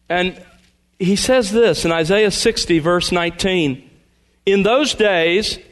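A man pastor preaching a sermon, reading scripture aloud with earnest emphasis. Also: high voice.

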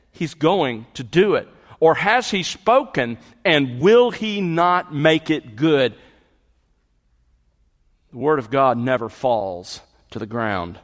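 A middle-aged man preaching a sermon, explaining scripture and building to emphatic peaks. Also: medium pitch. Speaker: pastor. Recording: long hall reverb.

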